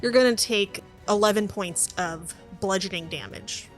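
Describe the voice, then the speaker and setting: A woman runs a tabletop game as game master. She talks in a chatty way, laughs often and fills pauses with "uh." Faint music plays underneath her. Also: mid-range voice. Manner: chatty, laughing, many "uh" restarts.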